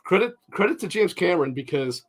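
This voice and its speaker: Podcast co-host, male, slightly higher voice, animated, repeats words as he starts sentences. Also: a little fast. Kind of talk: casual chat.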